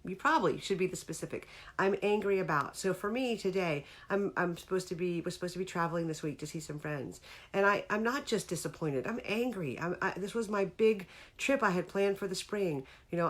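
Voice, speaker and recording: Low-voiced woman giving a chatty coaching talk. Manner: warm, earnest, greets viewers by name mid-talk. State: tearful near the end. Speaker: host of a live-streamed talk. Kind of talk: casual live-stream coaching talk.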